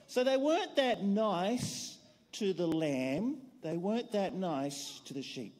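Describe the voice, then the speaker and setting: A woman telling a lively children's story at church, asking the children questions and getting them to join in. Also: medium pitch, slow pace. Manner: animated, playful, asks the children questions. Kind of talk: children's story with audience prompts. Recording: long church hall reverb.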